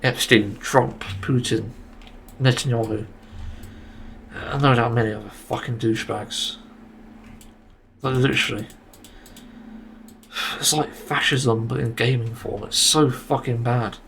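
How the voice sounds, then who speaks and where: A man's voice: mid-range voice, steady tone, measured pace, gravelly, long pauses, fairly bright tone, a little hiss or hum. A man hosting a solo podcast, ranting in exasperation and swearing often. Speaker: podcast host.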